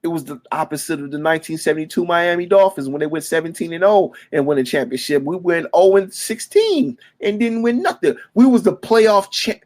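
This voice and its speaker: A man from Detroit, a former youth football coach, talking off the cuff as a fan. He gets emotional, repeats himself, stumbles over words and breaks into sudden loud bursts. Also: on the high side, fairly quick, few pauses. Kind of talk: emotional unscripted fan monologue.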